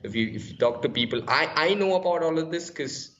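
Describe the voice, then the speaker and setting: A man's voice: a little high, lively intonation, a little fast, a bit bright, dull audio, slight background noise. A man from Kerala with an Indian English accent, chatting casually as a podcast guest, often repeating words and restarting sentences. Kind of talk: casual conversation.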